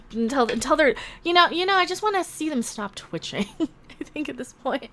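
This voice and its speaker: A woman with a fairly high voice hosts a casual livestream into a desk microphone. She reads comments aloud and answers them with dry sarcasm. She rambles and restarts her sentences often. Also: expressive, moderate pace, a bit bright. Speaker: livestream host reading chat.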